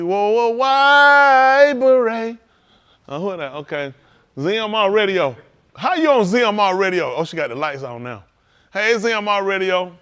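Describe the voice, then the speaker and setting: A man hosting a livestream, talking casually and joking, acting out quoted voices. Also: fairly high pitch. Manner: animated storytelling, acting out quoted voices, laughing. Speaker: livestream host at a congregation.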